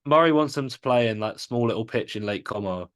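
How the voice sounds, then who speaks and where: An English man co-hosting a sports podcast, talking in a measured, hesitant way. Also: mid-range voice, expressive, a bit bright. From England. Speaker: podcast co-host. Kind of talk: casual sports chat.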